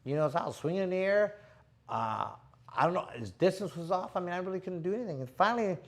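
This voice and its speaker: A middle-aged man, a boxer hosting a show, telling stories in a casual, animated, slangy way and acting out what people said. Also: high-pitched, fast. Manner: animated, slangy, acts out quotes. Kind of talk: casual storytelling chat.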